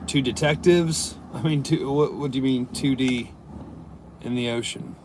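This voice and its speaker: A man's voice: mid-range voice, normal speed, background noise. Joking man live-streaming from his van. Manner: joking, loose and rambling. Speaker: livestreamer and service plumber. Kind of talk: casual live-stream chat, reading viewer comments. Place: inside a parked work van.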